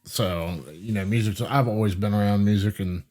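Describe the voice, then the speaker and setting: A man hosting a recovery podcast, talking haltingly on a video call and often stumbling over his words. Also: fairly low pitch, steady tone, a little mellow. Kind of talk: casual interview on a video call.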